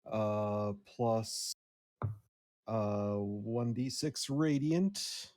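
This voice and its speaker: Male player, very slow and halting, smooth voice, dry sound. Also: lowish voice, a little mellow, dry recording. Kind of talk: casual tabletop play.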